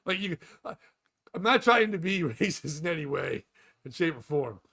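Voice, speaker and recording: Podcast host, male, a bright tone that sits slightly high, loose rambling storytelling with casual swearing. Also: very animated, normal speed.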